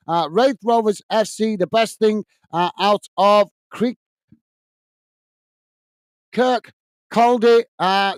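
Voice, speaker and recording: A man's voice: high voice, smooth, no echo. A man from the UK hosting a live football watch-along, calling the play and thanking viewers by name in a chatty way. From United Kingdom. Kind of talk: live match commentary and chat reading.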